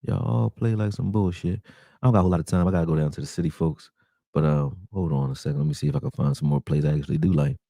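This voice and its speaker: Rapid-fire and creaky in a bass register, a young sports channel host addresses y'all directly while casually and profanely breaking down football game film, animated and exasperated throughout. A close desktop mic during screen sharing gives clean studio sound with no room sound.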